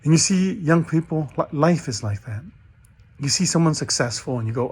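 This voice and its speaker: A middle-aged man speaks from home to graduates. He tells a story in a relaxed, chatty way, with a slightly husky voice, and acts out the characters' lines with lots of fillers and repeated starts. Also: a little high, moderate pace. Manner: storytelling with animated quoted voices. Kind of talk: recorded commencement message.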